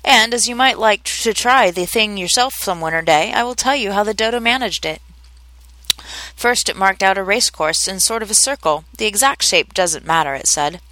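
A woman's voice: medium pitch, lively intonation, moderate pace, sharp tone, no echo. Woman reading a storybook aloud. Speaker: narrator.

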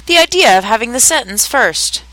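Woman reading as Alice: bold, indignant young girl, bright and high-pitched. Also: fairly quick, no echo, poor audio. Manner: high, excited exclamations.

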